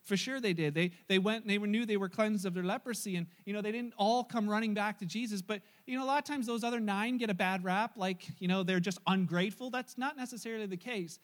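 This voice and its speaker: A male pastor preaching a sermon, telling stories in an animated way and acting out the voices. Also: high voice, fast, hardly any pauses. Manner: animated storytelling with acted-out voices.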